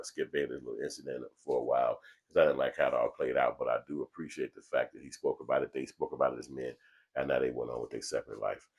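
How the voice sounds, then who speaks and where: A man with an extremely deep voice talks in a calm, mellow, relaxed way to a small camera alone in a small studio. His tone is gravelly and husky, and his talk is loose and full of casual swearing. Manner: laid-back, swearing street talk. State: relaxed from smoking. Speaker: vlog host. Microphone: small camera mic.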